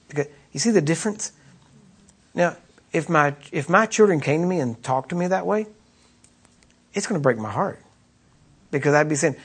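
A man's voice: a little high, lively intonation, moderate pace, pauses often, slightly rough. A man preaching a sermon in a conversational way, often asking the congregation rhetorical questions. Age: adult with children.

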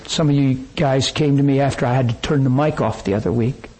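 A rough recording captures a pastor's mid-range, fairly quick, breathy voice as he preaches in church. His sermon is animated storytelling, with the quoted voices acted out.

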